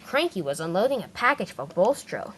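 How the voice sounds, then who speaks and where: A woman's voice: mid-range voice, sing-song, brisk, a little hiss or hum. Woman improvising a toy-train story. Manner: improvised, restarts sentences.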